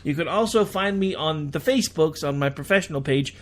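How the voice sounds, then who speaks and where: An American man hosting a radio show, reading international news aloud and breaking off into sarcastic, self-deprecating asides with halting restarts. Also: on the high side. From United States. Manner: reads news then adds chatty sarcastic asides. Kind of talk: casual news commentary.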